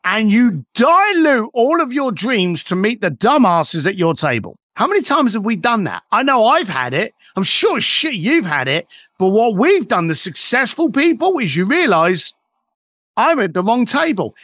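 Swearing freely, a middle-aged podcast guest tells motivational stories with plenty of emphasis. His voice sits high with big pitch swings, fairly bright at a moderate pace, and the studio recording is clean with no echo.

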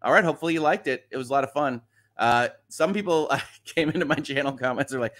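A middle-aged Michigan man hosts a casual morning livestream, reading viewer comments aloud and chatting about them with lots of laughter. His medium-pitched voice is fast and a bit bright.

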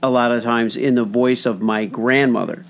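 Gravelly-voiced male podcast host. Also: mid-range voice, steady tone. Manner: halting, many restarts and fillers. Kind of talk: casual interview chat.

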